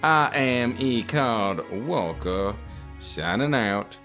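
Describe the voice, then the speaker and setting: A man's voice: medium pitch, lively intonation, very slow, fairly bright tone, soft background music. A man voicing a pompous southern company executive giving a grand, stately dedication speech. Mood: grandiose.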